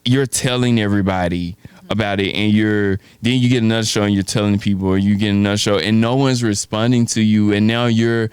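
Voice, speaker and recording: A man's voice: on the low side, steady tone, moderate pace, clear, resonant tone, no room sound. A man co-hosting a podcast, telling a story in casual chat and acting out the quoted dialogue. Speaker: podcast co-host.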